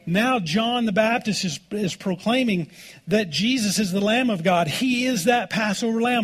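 A male pastor delivering a sermon, reading scripture aloud and slowing down to stress key words. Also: sits high, slightly rough. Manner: slows down for emphasis, reads scripture aloud.

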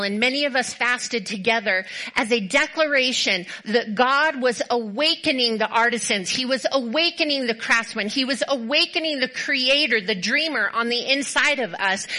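Woman pastor, high bright voice; emphatic, repetitive sermon build-ups. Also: poor audio. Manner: animated storytelling, acts out quoted voices.

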